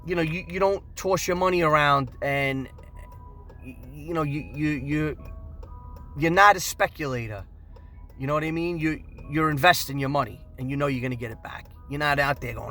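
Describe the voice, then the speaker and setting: A man, talking casually to camera as a car business host, animated, rambling and profane. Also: on the high side, moderate pace, faint music behind.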